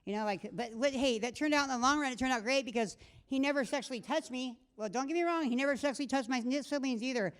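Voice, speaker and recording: A woman's voice: high voice, fast talker, hardly any pauses, clean tone. A middle-aged woman doing a stand-up set in a comedy club, rambling and crude, breaking off mid-sentence and laughing at her own jokes. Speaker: stand-up comic.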